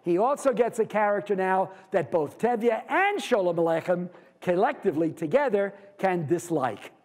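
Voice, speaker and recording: High-voiced male lecturer. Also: moderate pace. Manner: lively, asks the class rhetorical questions. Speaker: literature lecturer. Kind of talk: university lecture.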